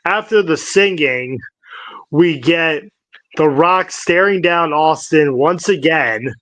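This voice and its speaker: Slow-talking man recapping wrestling. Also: a little high, fairly bright tone, no echo. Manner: slow, halting recap with restarts. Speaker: podcast co-host.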